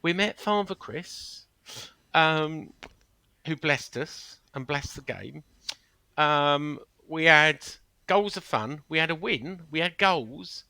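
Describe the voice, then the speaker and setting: A man's voice: fairly high pitch, animated, slow, bright, forceful tone, no room sound. A man hosting a podcast in casual chat, jokey and often stumbling over his words. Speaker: podcast host.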